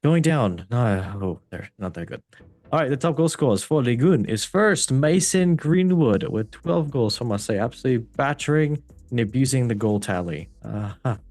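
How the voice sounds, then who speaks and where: A man's voice: mid-range voice, lively intonation, normal speed, darkish tone. A man hosting a casual football podcast who reads results in an upbeat, breezy way and often falls back on stock phrases. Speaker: host.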